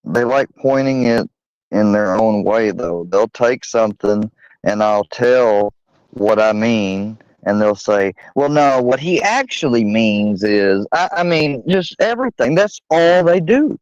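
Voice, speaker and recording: A man's voice: lowish voice, animated, unhurried, darkish tone, clean tone, dry recording. A man hosting a livestream chat who rants and swears, recorded on dull lo-fi audio. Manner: ranting, swearing.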